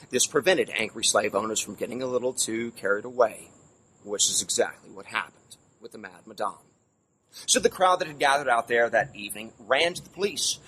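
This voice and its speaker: Man, tour guide, dramatic storytelling, emphatic, mid-pitched voice, faint outdoor ambience. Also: fairly bright tone, a little hiss or hum, poor audio. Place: outdoors on a city street.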